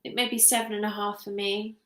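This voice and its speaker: A woman judging cheese over a video call, relaxed and agreeable, describing flavours in detail. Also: medium pitch, a little fast, echoey room. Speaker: cheese judge.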